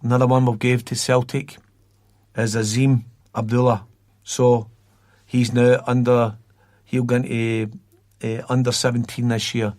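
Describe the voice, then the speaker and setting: Scottish male podcast guest, rambling storyteller, even tone, close dry mic. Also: medium pitch, measured pace, long pauses, dry recording. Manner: rambling, repeats words while recalling. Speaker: guest from a youth football academy.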